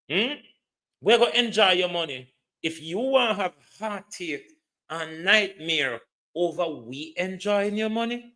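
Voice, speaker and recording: A man's voice: high-pitched, animated, measured pace, bright, forceful tone. A man with a Jamaican accent hosting an online show, ranting in a blunt, mocking way and tagging his points with a questioning "hmm?". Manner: mocking, blunt, with frequent rhetorical "hmm?" tags. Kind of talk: political commentary rant.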